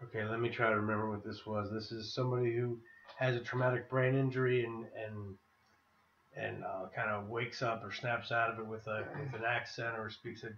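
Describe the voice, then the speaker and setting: A man co-hosting a casual comedy podcast, chatty and joking with quick asides. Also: on the low side, little pitch movement, a bit bright, slight background noise. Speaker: podcast co-host. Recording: dull lo-fi podcast audio.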